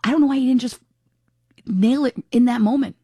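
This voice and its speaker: A woman's voice: fairly high pitch, a little fast, dark tone, slightly rough, no echo, studio quality. A woman hosting a talk radio show, chatting frankly and giving her opinions in a casual, unscripted way. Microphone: studio microphone.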